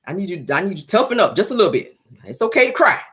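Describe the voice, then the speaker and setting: A woman's voice: mid-range voice, very animated, racing, a bit bright, slightly rough. A woman hosting a celebrity gossip show from her car, talking casually, teasing and profane, laughing often.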